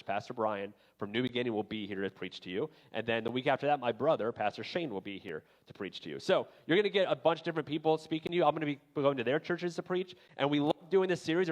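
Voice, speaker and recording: A man in his thirties, a pastor, preaching a sermon and telling a personal story in a casual, chatty way with many fillers. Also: medium pitch. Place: church sanctuary.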